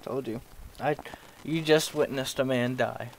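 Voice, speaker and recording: A man's voice: medium pitch, steady tone, measured pace, slight background noise, poor audio. A young man commentating his own horror gameplay, talking to himself with jokes and yelping when startled. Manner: jumpy, yelps when startled, jokey self-talk. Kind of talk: horror game let's play commentary.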